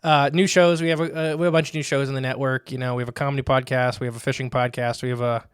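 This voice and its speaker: A man's voice: mid-range voice, little pitch movement, racing, smooth, dry recording, clean studio sound. A man co-hosting a casual podcast, rambling cheerfully through show announcements. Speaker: podcast co-host.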